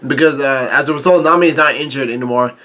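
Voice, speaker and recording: A man casually recapping a comic chapter as a channel host, halting often with fillers and tossing in crude asides. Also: medium pitch, sharp tone.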